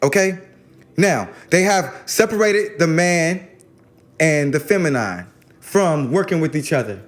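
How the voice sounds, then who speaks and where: A man's voice: fairly high pitch, animated, measured pace. A man, talking loosely about spirituality. He rambles, drops into slang and stumbles over repeated words as he gets going. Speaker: spiritual guest speaker. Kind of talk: casual spiritual talk.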